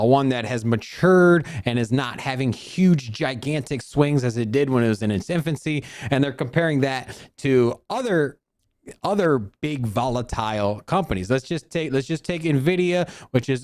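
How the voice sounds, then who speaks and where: A man's voice: medium pitch, a little mellow, no room sound, clean studio sound. A man co-hosting a casual live stream, talking in long rambling runs with restarts. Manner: rambling, many restarts and fillers. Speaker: co-host. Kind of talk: casual livestream chat.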